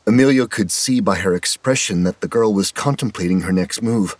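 Low, husky male horror narrator. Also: a little fast, no room sound.

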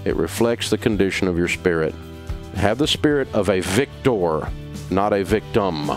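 A man's voice: low voice, expressive, moderate pace, soft background music. A man with a Southern US accent, a radio talk show host delivering a blunt, emphatic advice rant in a studio. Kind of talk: passionate on-air advice rant.

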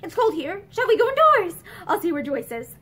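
A woman's voice: extremely high pitch, big pitch swings, normal speed, pushed and bright, voice pushed up, exaggerated voice. A woman voicing a flustered, nervous young wife. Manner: flustered, stammering replies. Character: anxious young married woman, nervous and evasive.

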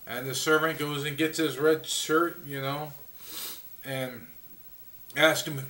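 A goofy man tells jokes for his daily vlog. His voice sits high and bright, and he talks slowly. It is picked up from a little distance on a small camcorder's mic. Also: little pitch movement, reverberant. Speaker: vlog host. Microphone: built-in mic of a small camcorder.

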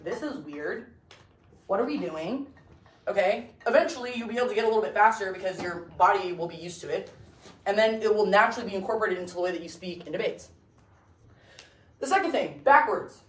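Young woman debate coach, blunt and chatty, far off in a roomy classroom. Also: medium pitch. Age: young adult. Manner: blunt, chatty, full of "like" and "okay?". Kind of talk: casual classroom lecture. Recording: roomy classroom, voice from across the room.

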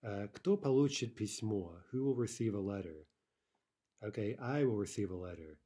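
A man's voice: fairly low pitch, normal speed, mellow. A man teaching a recorded online language lesson, explaining step by step and often checking in with "right?".

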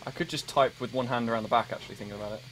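A man's voice: mid-range voice, very fast, a bit bright, slight background noise, low-quality recording. A young man in his late teens with an English accent, chatting casually with viewers on a live stream in a rambling, self-mocking way with many restarts. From England. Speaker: livestream host.

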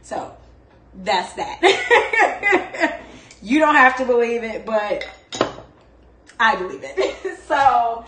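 A woman's voice: on the high side, slow pace, long pauses, echoey room, slight background noise. A woman hosting a home cooking show, chatting casually and expressively as she cooks. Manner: chatty and expressive, fond of the word "like". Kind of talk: casual chat while cooking. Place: home kitchen.

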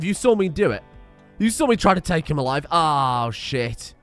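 A young man giving joking, animated commentary on a strategy game he plays, swearing freely. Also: on the high side, moderate pace, faint music behind. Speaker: gaming YouTuber. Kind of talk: comedic let's-play commentary.

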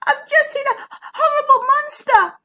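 A woman voicing an excitable, whiny young female zebra in a storybook, squealing high and breathless. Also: takes it slowly, exaggerated voice. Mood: frightened.

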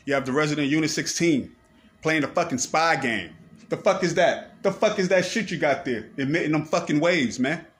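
Man ranting angrily, slightly high voice. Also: normal speed, fairly bright tone. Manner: confrontational, repetitive, swearing. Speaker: person ranting to camera. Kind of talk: angry profane rant to camera.

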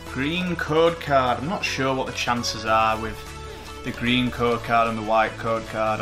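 Excitable man opening card packs. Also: mid-range voice. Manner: excitable, swears, mocks himself. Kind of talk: casual commentary while opening packs.

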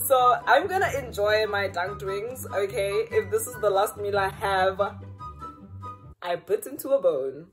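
A young woman from South Africa, vlogging casually to camera with a slightly runny nose, telling a story in an animated, slangy way and laughing often. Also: medium pitch, moderate pace, soft background music. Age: young adult. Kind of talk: casual vlog chat to camera.

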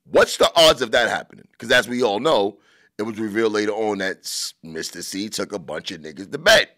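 A man's voice: on the low side, animated, brisk, sharp tone, no echo. A man hosting a podcast alone, a comedian giving crude, joking commentary from his own studio. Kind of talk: casual podcast monologue.

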